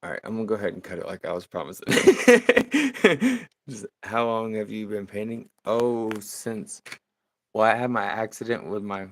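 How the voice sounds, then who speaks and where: A man in his thirties chatting casually with viewers on a live stream while he paints, relaxed and rambling, laughing easily. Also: on the low side, brisk. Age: 30s. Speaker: livestreaming painter.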